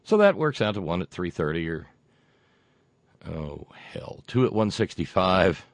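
A man hosting a talk radio show and making a fundraising pitch, rambling and halting with many fillers and restarts, adding wry, folksy asides. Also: big pitch swings, dry recording.

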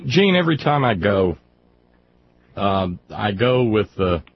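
A man's voice: on the low side, big pitch swings, slow pace, husky. A man in casual political chat, wry and articulate, stammering through restarts. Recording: dull lo-fi audio with faint hiss.

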